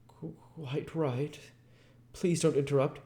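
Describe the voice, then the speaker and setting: A man voicing a flustered, frightened elderly vicar who speaks with a jerking, halting intonation. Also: on the high side, fairly even intonation, mellow, reverberant, pitched above the performer's own voice. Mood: flustered protest.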